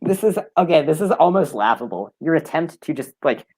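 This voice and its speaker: A man's voice: fairly high pitch, big pitch swings, a little fast, darkish tone. A man debating, insistently pressing his opponent and repeating his demands for an answer. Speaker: debater arguing against a belief. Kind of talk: heated live debate.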